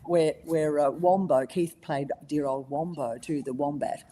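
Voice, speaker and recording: A woman in her seventies with an Australian accent, a voice actress telling lively stories in a casual interview and laughing often. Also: low-pitched, unhurried. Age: 70s. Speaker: voice actress guest.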